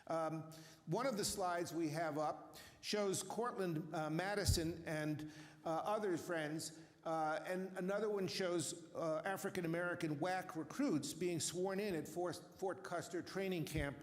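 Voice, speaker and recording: An older man gives a relaxed lecture with slides, often pausing on fillers and restarting his sentences. His voice sits high for a man. The sound is roomy, with a long reverb tail from a hall. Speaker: author giving a talk. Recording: echoey hall from a distance.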